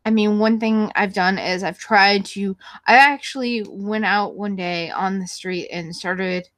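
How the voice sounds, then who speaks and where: A woman's voice: medium pitch, a little slow, a bit bright, dry recording. A woman hosting her own channel, chatting casually with viewers in a rambling, blunt and profane way, full of fillers and restarts. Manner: frequent fillers and self-corrections. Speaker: YouTube channel host. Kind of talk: casual chat answering viewers.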